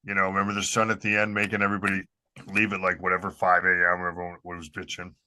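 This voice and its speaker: A man co-hosting a podcast, talking in an easygoing, halting way with lots of fillers. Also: deep voice, completely flat delivery, sharp tone. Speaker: podcast co-host. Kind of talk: casual chat.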